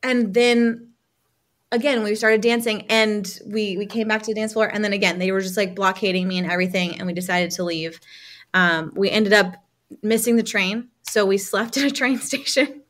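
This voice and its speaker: A woman coach talks as a guest on a podcast. She tells a personal story in a casual, animated way, acting out what other people said, and her voice sits at an ordinary middle pitch. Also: moderate pace. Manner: lively storyteller who acts out other people's lines, with frequent "like" fillers.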